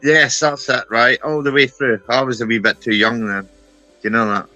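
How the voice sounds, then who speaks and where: A man's voice: mid-range voice, normal speed, bright, forceful tone, dry recording, faint music behind, low-quality recording. A man in his thirties chatting casually on a live stream, blunt and sweary, tagging "right?" onto his sentences. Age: 30s. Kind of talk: casual chat.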